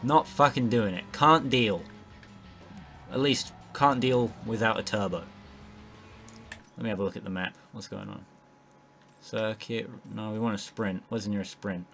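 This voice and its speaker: A man with a lowish voice talks through his gameplay in a loose, rambling let's play commentary. He fills gaps with "uh" and "um" and swears freely. Faint game music plays underneath. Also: fairly even intonation, unhurried, creaky, pauses often, a bit bright. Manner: casual, rambling and heavily profane, with frequent fillers.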